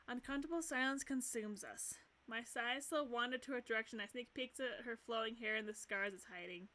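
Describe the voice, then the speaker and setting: A woman streamer reading a visual novel aloud and gushing excitedly between lines, often giggling. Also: fairly high pitch.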